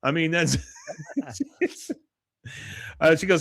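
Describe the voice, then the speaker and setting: A man's voice: takes it slowly, vocal fry, no echo, clean studio sound. A man hosting a podcast, recapping a cartoon episode in casual chat, reading character lines in a raised voice and laughing often at the jokes. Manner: animated, lifts his pitch when quoting characters. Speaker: podcast host.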